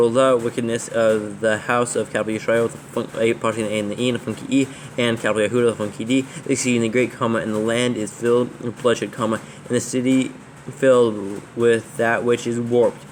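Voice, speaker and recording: Man slowly dictating scripture with punctuation. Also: medium pitch, a little hiss or hum. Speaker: proofreader reading scripture aloud.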